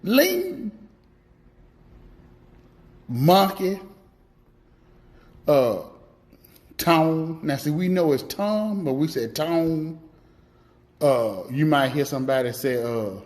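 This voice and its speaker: A man with a Mississippi Southern accent speaks casually to his followers. His delivery is folksy, playful and slow, with drawn-out words. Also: medium pitch, darkish tone. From Mississippi Delta, US South. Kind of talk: casual social media talk.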